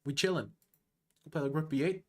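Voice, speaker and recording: A man streaming casual live chess commentary, excitable and slangy, talking straight to the player he is watching. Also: fairly high pitch, brisk.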